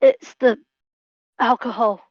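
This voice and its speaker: A woman's voice: fairly high pitch, steady tone, slow, highs cut off, a little hiss or hum. A woman playing a tabletop game, lighthearted and giggly. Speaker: player.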